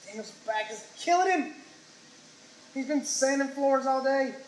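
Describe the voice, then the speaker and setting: Lively high-voiced preacher man. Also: measured pace, slight background noise. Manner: animated storytelling with acted-out quotes and sound effects. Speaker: pastor. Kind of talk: sermon.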